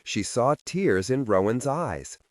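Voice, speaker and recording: A man narrating a dark fantasy audiobook in an expressive, scripted reading on a close studio microphone. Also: mid-range voice, slow, no echo. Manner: expressive, wide-ranging reading.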